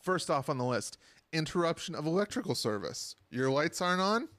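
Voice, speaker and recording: Man, co-host, storytelling, lively, higher pitch. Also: brisk, no room sound. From living in Las Vegas. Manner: storytelling, animated, laughs easily. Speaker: podcast co-host. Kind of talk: casual chat.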